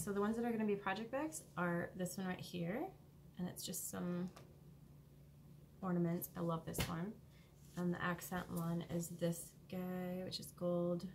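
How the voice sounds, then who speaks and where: A woman's voice: fairly low pitch, background noise. Chatty woman showing her stitching haul. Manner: rambling, hurried, many ums. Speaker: cross-stitch vlogger. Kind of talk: casual show-and-tell haul. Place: home, indoors.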